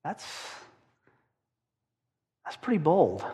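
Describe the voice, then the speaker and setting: A man preaching a sermon to his congregation, with dramatic slowdowns when he reads aloud. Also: on the high side, long reverb tail. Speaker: pastor.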